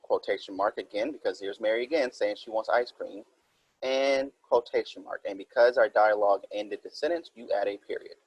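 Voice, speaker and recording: A man's voice: lowish voice, normal speed, slightly rough, no echo, dull audio. A man teaching a recorded writing minilesson, explaining step by step and reading example sentences aloud.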